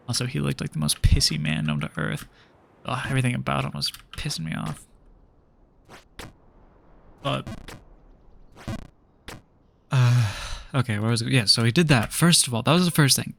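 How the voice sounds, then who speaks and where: A man's voice: mid-range voice, moderate pace, gravelly, pauses often, slight background noise. A young man streaming a game, telling a long story in a rambling, exasperated way full of fillers. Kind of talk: casual storytelling while gaming.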